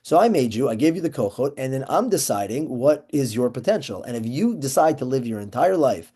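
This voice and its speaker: Man with a mellow voice teaching casually. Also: mid-range voice, big pitch swings, brisk, breathy edge. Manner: conversational, many restarts and fillers, Yeshivish Hebrew terms. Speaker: Torah class teacher. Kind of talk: casual lecture on a Jewish ethics text.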